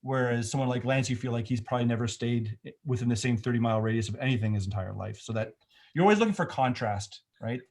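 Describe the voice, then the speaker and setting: A man's voice: mid-range voice, fast, a little mellow. A middle-aged man, a film director, talking in a casual remote interview, thoughtful and rambling with many restarts.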